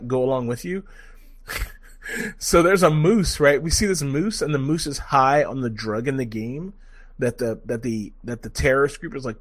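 A man giving a casual game review, excitable, swearing freely, full of fillers and restarts. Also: mid-range voice.

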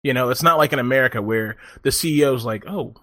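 A man telling a long story in a profane, animated way, often laughing as he talks in casual chat. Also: medium pitch, quick pace, no room sound, clean studio sound.

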